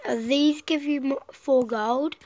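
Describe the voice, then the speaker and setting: A woman with a high, steady, somewhat mellow voice talks slowly, coughing because she's sick. She's commentating her own strategy game in a casual, rambling way, talking to herself and trailing off with lots of fillers. The recording is rough.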